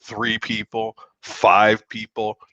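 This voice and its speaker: A man, a guest author from the United States, telling a story in a podcast interview with lively, profane, acted-out quotes. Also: fairly low pitch, slow, dry recording, highs cut off.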